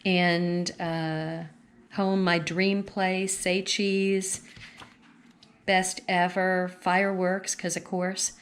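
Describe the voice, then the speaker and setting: Slow, low-voiced woman chatting through a catalog. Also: level tone. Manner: chatty, gushing, thinks aloud while paging through. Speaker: consultant showing a craft catalog. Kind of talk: casual catalog walkthrough vlog. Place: at home with her dogs.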